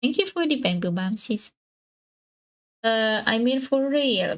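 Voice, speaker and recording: Slow, giggly young woman streamer. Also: animated, poor audio. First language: Hungarian. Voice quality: slightly husky lowered voice. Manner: giggly, hesitant, many fillers and restarts. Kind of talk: casual live-stream chat.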